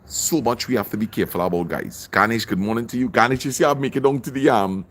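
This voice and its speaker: A man's voice: mid-range voice, fast talker. A middle-aged man hosting a livestream, reading viewers' comments and greeting them by name. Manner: chatty, shouts out viewers by name. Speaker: livestream host. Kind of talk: live-stream chat, reading comments.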